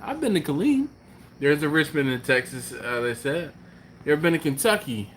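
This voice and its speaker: A man hosting a barbecue channel's live stream, chatting casually and answering viewer comments in a relaxed, rambling way. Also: on the high side, a little fast, slight background noise. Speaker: BBQ channel host.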